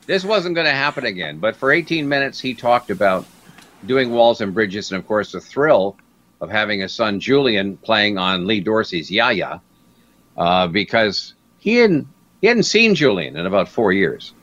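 This is anecdotal interview storytelling from an older Canadian guest broadcaster with a lowish voice and a moderate pace. He animatedly acts out the people he quotes while recounting his career. The audio is dull and lo-fi.

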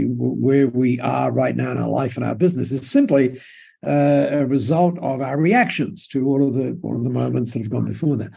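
An Australian man, a business mentor and guest, telling a story in an enthusiastic, expressive way. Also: mid-range voice, creaky, husky. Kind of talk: conversational storytelling.

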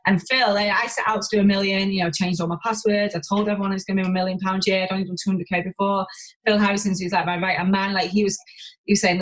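A woman's voice: mid-range voice, low-quality recording. A woman from Warrington, talking candidly as a podcast guest, swearing freely and restarting her sentences. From Warrington, England. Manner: rapid, animated, swears freely, many restarts. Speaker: podcast guest, business owner. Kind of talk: candid conversational interview.

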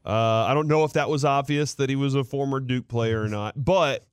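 A man hosting a sports radio show in a studio, pausing on "uh" fillers and turning animated as he retells a story. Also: medium pitch, smooth, dry recording. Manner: halting, many "uh" fillers, animated when retelling. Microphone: studio microphone.

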